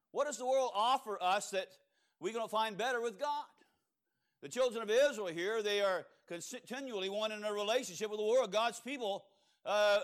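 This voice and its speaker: A man with a Cajun accent preaching a sermon, telling homespun stories and asking the congregation rhetorical questions, with frequent fillers and restarts. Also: high-pitched. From Louisiana.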